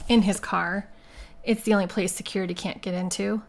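A woman's voice: medium pitch, steady tone, a little fast, gravelly, close to an everyday voice. A woman voicing Kay, a tired, defensive woman in her forties, in an audiobook reading.

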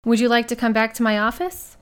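A woman's voice: a little high, lively intonation, fairly quick, voice pushed up, natural voice. A woman voicing a poised female nursing home director in her forties with a pleasant, polished manner in an audiobook. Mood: polite. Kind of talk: audiobook character voice.

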